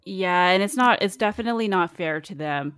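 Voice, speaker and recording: Lady on a podcast, chatty, lowish voice, dry close mic. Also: fairly quick, smooth, no echo. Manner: chatty, reads quotes aloud with animated asides. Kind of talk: casual podcast chat.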